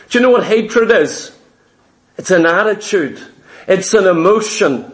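A man's voice: sits high, moderate pace. A man preaching a morning sermon to his congregation, hammering points through repetition and rhetorical questions. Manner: emphatic, repeats lines and fires rhetorical questions at the congregation. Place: church service in the morning.

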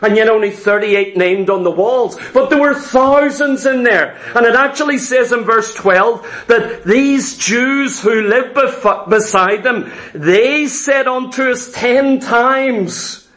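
A man's voice: very high-pitched, takes it slowly, few pauses, a bit bright. A man preaching a sermon, emphatic and repetitive, acting out voices of his congregation. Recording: echoey church hall.

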